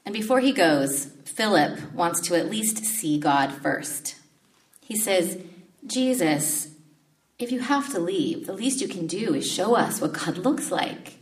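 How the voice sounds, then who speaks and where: A woman's voice: lowish voice, lively intonation, slow, recorded from a distance. A woman preaching a sermon, telling the story with animation and acting out the disciples' panic.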